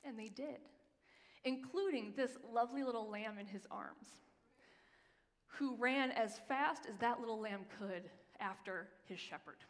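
A woman pastor giving a sermon, telling a story with emphasis and slowing down for the scripture readings. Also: on the high side. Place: church sanctuary. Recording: long reverb of a large hall.

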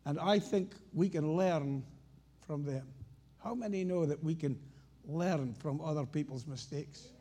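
A man's voice: a little high, unhurried, mellow. A Scottish man preaching a sermon, telling anecdotes and stories with rising emphasis.

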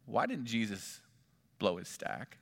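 A male pastor delivering a sermon with a very animated, rising and falling voice. He hammers home rhetorical questions and drops to a near hush to stretch out key words. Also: fairly low pitch, vocal fry. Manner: emphatic, asks the congregation repeated rhetorical questions; swings between loud stress and hushed, drawn-out words.

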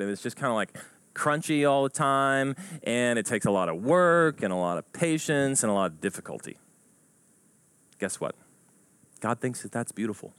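Telling lively stories in his sermon, a medium-pitched male pastor acts out a joke with voices that climb higher. The recording quality is low.

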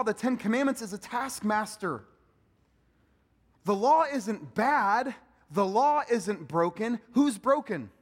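A man preaching a sermon as pastor, swinging between loud emphatic peaks and soft low asides. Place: church sanctuary. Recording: long hall reverb.

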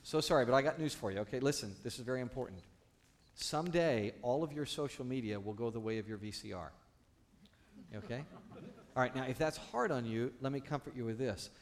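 A man, a pastor, preaching a sermon with animated, playful asides to the congregation. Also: mid-range voice, fairly quick.

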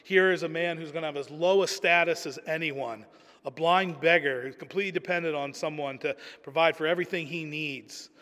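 A man's voice: on the high side, fairly even intonation, a little fast, bright, forceful tone. Earnest male preacher in a reverberant hall. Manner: earnest, emphatic, repeats words. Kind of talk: sermon.

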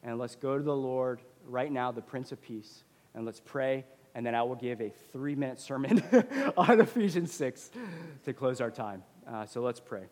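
A man's voice: mid-range voice, moderate pace. Man preaching in a reverberant hall. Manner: conversational, animated when retelling a story. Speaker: pastor. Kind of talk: sermon with personal storytelling.

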